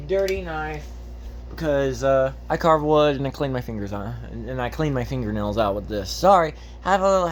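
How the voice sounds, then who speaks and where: A man's voice: fairly high pitch, slight background noise. A man hosting a casual unboxing video, rambling and joking as he goes off on tangents, with the odd swear word. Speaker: host.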